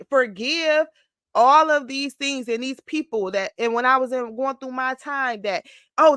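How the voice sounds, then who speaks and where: A woman around forty talking through a casual confessional vlog, expressive and emotional, close to tears at times. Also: a little high, no room sound. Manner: expressive, slips into mock-whiny voices when quoting her past self. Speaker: vlogger.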